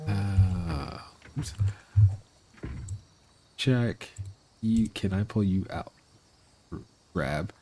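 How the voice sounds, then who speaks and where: A man with a low voice commentates a live gameplay stream at an unhurried pace. His pitch swings widely as he talks to his chat and scolds the game's animals, laughing and exasperated. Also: expressive, mellow, slight background noise.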